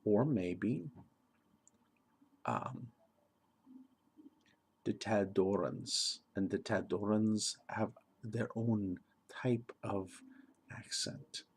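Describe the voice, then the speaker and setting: A man's voice: lowish voice, drawn-out words, long pauses, slightly rough. A man talking casually as a game master giving advice, rambling and correcting himself, chuckling often. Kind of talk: casual tutorial monologue.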